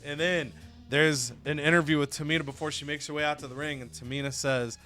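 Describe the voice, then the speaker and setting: A man's voice: a little high, steady tone, quick pace, pushed and bright, soft background music. A young man narrating a wrestling game recap as a let's-play host, storytelling casually and swearing now and then. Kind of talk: animated game recap with put-on voices.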